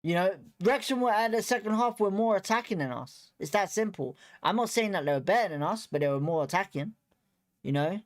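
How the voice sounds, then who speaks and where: A young man rants after a match as the host of a fan watchalong stream. He swears constantly and circles back on the same points in blunt, frustrated bursts. He keeps telling himself to stay calm and then flares up again. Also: high-pitched, fairly quick. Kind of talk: heated post-match fan rant.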